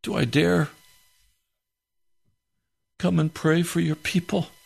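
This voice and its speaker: A man pours out an impassioned prayer, pleading and heavy-hearted. His voice is gravelly and sits fairly high, and he speaks very slowly. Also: steady tone.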